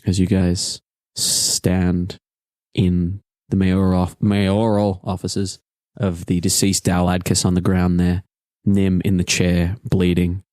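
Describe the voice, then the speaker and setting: Deep-voiced man running a tabletop game. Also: completely flat delivery, takes it slowly, darkish tone, no echo. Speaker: game master.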